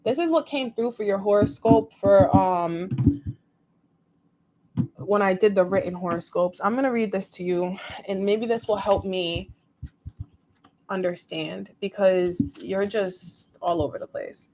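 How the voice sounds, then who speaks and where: A woman's voice: medium pitch, measured pace, mellow, slight background noise. Rambling, emotive woman tarot reader. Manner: rambling and emotive, heavy use of "like". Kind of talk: casual tarot reading to viewers.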